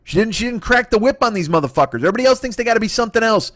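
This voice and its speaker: High, lively voice of a ranting male comedian. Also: very fast, no room sound, studio quality. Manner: profane, exasperated ranting. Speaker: comedian host. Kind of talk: solo comedy rant.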